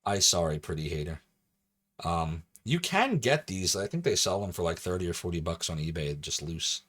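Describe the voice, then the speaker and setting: A man's voice: sits low, sing-song, moderate pace, fairly bright tone, husky. A male game streamer chatting casually with his viewers as he plays, rambling and laughing often. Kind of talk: casual live-stream commentary.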